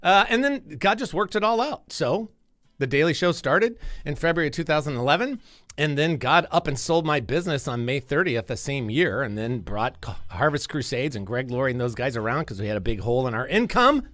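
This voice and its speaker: A man's voice: medium pitch, animated, a little fast, fairly bright tone, no echo. A middle-aged man hosting a radio show, talking in a casual, earnest and rambling way, often repeating words as he goes. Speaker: radio host. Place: radio studio.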